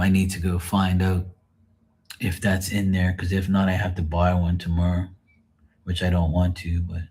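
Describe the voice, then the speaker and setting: A man's voice: low-pitched, a little mellow, slightly rough. A man chatting casually to his livestream viewers, rambling and swearing freely in a joking way. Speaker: livestream host.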